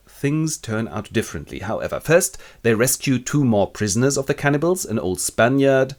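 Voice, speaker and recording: Wry, animated male narrator. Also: on the low side, brisk, hardly any pauses. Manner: wry, ironic, playful. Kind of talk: comic literature summary.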